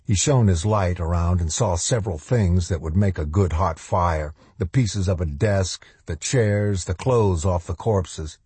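A man narrating a novel in an audiobook with measured, even storytelling. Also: low voice, husky, no room sound.

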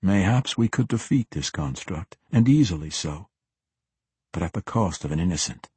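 A steady, thoughtful ranger, as a male narrator reads him in an audiobook, with a low, husky voice. The recording is dry and close to the mic. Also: moderate pace, dry recording, heavily acted. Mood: earnest. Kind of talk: audiobook character voice.

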